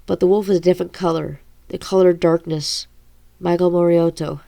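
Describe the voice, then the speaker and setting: A wary young man speaking gravely, as voiced by a woman. The voice is low and gravelly, and the recording is dry. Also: flat delivery, brisk, dark tone, dry recording. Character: wary young man who recognizes a wolf.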